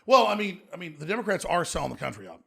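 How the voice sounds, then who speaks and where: A man's voice: sits high, very animated, rapid-fire, gravelly, a bit bright, slightly rough. A man on a podcast as the guest, ranting emphatically in casual studio chat.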